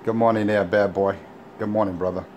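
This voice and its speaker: A man's voice: on the low side, steady tone, fairly quick, lo-fi sound, crowd noise. A man hosting an online talk show, taunting and mocking someone in a profane way. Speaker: show host. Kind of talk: casual mocking chat.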